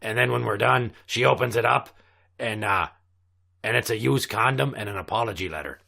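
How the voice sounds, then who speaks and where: A man playing a crude gravelly pirate captain. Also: fairly low pitch, fairly quick, pushed and bright, exaggerated voice. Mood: crude bragging. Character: crude salty male pirate sea captain. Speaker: recurring comedy character. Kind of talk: improvised comedy podcast banter.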